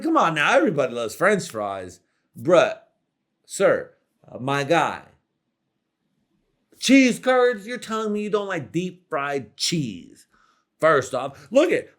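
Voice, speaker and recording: A man voicing an excitable, slow-witted guy who loudly gushes over a dish. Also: high voice, voice pushed up, full character voice. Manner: loud, hyped, insistent.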